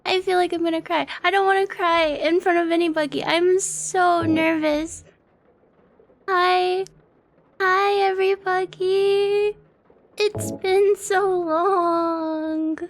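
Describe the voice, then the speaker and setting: A woman's voice: very high voice, steady tone, takes it slowly. A young woman live-streaming in casual chat, nervous, giggly and apologetic, shaky and near tears. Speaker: livestreamer.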